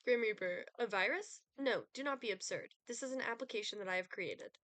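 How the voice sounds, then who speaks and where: A woman's voice: fairly high pitch, a little fast, fairly bright tone, dry recording, lightly acted. A woman reading the lines of a haughty male Grim Reaper in a game, pompous and theatrically threatening, in a dry close recording. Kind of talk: dramatic reading of game dialogue.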